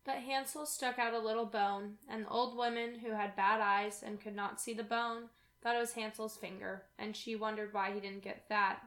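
A woman reading a fairy tale aloud in a clear storytelling manner. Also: on the high side, flat delivery, normal speed, few pauses, a bit bright, reverberant. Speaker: reader.

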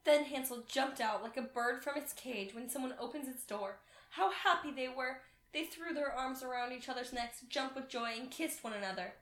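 A woman reading a fairy tale aloud in a steady storytelling manner. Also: a little high, echoey room. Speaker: reader.

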